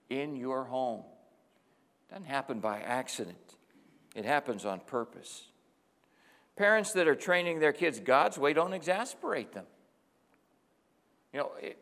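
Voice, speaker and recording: A middle-aged man preaching a sermon as pastor, moving between quiet reflection and emphatic exhortation. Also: a little high, big-room sound.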